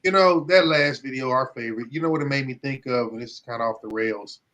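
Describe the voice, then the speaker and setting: A man's voice: medium pitch, fast talker, a bit bright. A man co-hosting a podcast, talking in loose, profane casual chat and laughing often. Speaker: podcast co-host.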